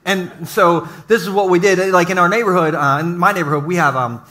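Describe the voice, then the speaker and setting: A pastor preaching a humorous sermon to a live congregation, telling jokey stories and throwing asides to the audience. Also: male voice, sits high, fairly even intonation, a little fast, pushed and bright. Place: church service before a live congregation.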